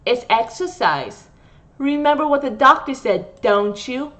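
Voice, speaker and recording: A woman's voice: high voice, animated, a little slow, fairly bright tone, pitched above the performer's own voice. A woman voicing an obsessive young female nurse who talks in a sweet, coaxing, possessive way.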